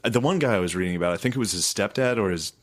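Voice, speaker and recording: A man with a lowish voice trading blunt, dry remarks on a podcast. He swears casually and sounds unbothered. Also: racing. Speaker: podcast co-host.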